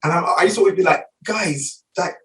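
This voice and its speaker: A middle-aged London man talks in a rapid rush, piling on fillers and restarts. His voice sits slightly high. He sounds a little distant from the microphone. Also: a bit bright. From England. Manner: rapid anecdotal, many fillers. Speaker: guest barber. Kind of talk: casual storytelling interview.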